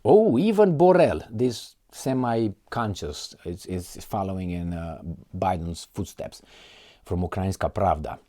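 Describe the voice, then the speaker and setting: Man, mocking news commentary, lowish voice, very lively pitch. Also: unhurried. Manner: sarcastic, mocking, animated. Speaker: political commentator. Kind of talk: casual commentary reading articles.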